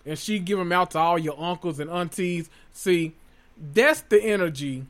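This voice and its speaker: Animated, profane man recapping TV. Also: on the high side. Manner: animated, profane, laughing asides. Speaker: podcast host. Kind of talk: casual reality TV recap.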